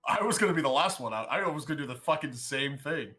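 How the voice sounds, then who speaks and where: A man's voice: on the high side, expressive, fast, sharp tone, soft background music. A man playing a tabletop role-playing game, speaking with a wry, sighing manner. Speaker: player. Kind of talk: casual tabletop game play.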